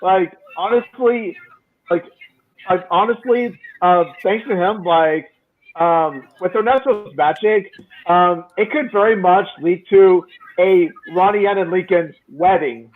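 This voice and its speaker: A man's voice: high voice, slow pace. A young man chatting casually on a fan review podcast, rambling with lots of "uh"s and restarts. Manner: rambling, hesitant, many "uh"s. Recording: tinny phone-like call audio.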